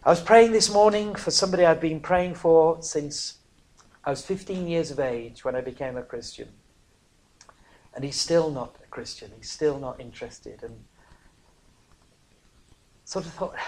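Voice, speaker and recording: A preacher, giving a sermon that swings from hushed near-whispers to loud, emphatic cries, broken by chatty, self-mocking asides. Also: medium pitch, normal speed, pauses often. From northern England.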